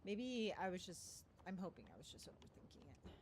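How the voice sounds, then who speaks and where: A woman giving chatty let's play commentary, thinking aloud with excitable little exclamations. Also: medium pitch, brisk, noisy background. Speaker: gaming streamer.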